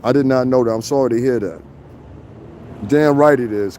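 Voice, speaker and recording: A man's voice: mid-range voice, moderate pace, warm tone, slight background noise. A middle-aged man, hosting a casual livestream outdoors in the cold, reading comments and rambling in loose, profane stories. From New York. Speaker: livestream host. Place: outdoors in the cold, city street.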